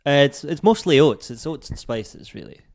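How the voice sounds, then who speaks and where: A man's voice: fairly high pitch, very animated, moderate pace, creaky, a little mellow, no room sound, clean studio sound. A Scottish man chatting casually as a podcast guest, laid-back and self-deprecating. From Scotland. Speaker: comedian guest.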